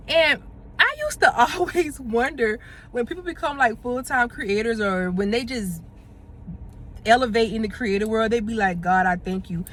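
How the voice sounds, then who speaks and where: A woman in her 20s vlogs to camera while running errands in her car and in stores, her voice on the high side and fairly bright. She's chatty and heartfelt, slipping into sung lines and words of praise.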